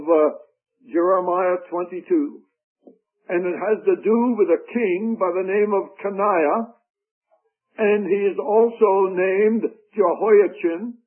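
Slow emphatic preacher on tinny radio. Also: male voice, sits high. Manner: emphatic, slow and deliberate with dramatic pauses. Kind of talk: radio sermon.

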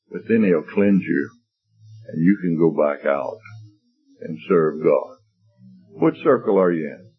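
Heard through a tinny, phone-like line with faint background music, a husky-voiced man preaches in an emphatic, repeating rhythm. He shares a folksy story and moves into prayer, speaking low, expressively and unhurriedly, with frequent pauses.

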